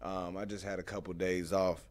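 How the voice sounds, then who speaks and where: A young man hosting a casual live stream, telling lively stories and greeting viewers in the chat, speaking. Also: low-pitched, normal speed. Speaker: host.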